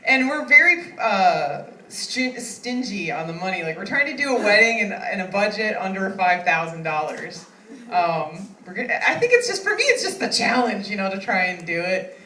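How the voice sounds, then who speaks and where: Woman comic, thirties, chatty and self-mocking, animated delivery, echoey club heard from afar. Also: mid-range voice, slight background noise. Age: 30s. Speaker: stand-up comic. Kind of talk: stand-up comedy. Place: comedy club stage. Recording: echoey room, mic at a distance.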